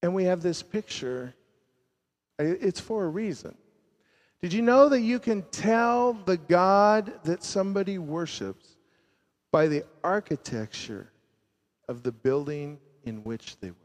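A man preaching a sermon as pastor, swinging from loud emphasis to hushed, low endings. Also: expressive, a little slow. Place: church sanctuary. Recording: long reverb of a large church.

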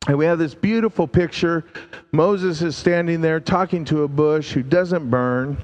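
A man preaching a sermon, slow and emphatic, drawing out key words and dropping his voice low to stress them. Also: darkish tone, long reverb tail.

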